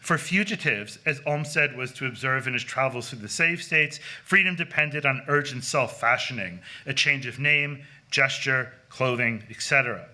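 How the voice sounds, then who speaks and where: Bright-voiced man giving an academic lecture. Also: medium pitch, normal speed, few pauses. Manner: scholarly, with frequent fillers and self-corrections. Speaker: conference speaker. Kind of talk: academic lecture reading from a paper. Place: lecture hall.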